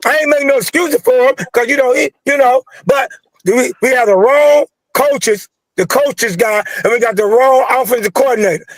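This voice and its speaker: Very high-pitched and furious, this man calls in to rant about football, rushing through slangy, repetitive complaints that sound fed up and fired up. He speaks at normal speed, and the audio is dry and close, with no room sound.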